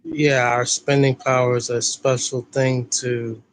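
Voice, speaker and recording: A man in a casual streamed discussion, speaking in a mid-range voice that is captured close and dry. He works through his reasoning slowly, with hesitations and restarts. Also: mid-range voice, flat delivery, no echo, poor audio. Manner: measured, hesitant, reasons step by step.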